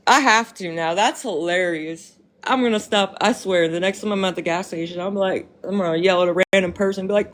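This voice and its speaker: A woman's voice: medium pitch, brisk, fairly bright tone. A young woman chatting casually on a phone live stream, slangy and profane, often breaking into laughter while answering viewers.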